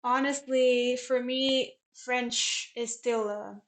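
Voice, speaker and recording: A woman's voice: on the high side, fairly even intonation, takes it slowly. A young woman chatting casually on a live stream as a chess commentator, rambling and answering questions from chat.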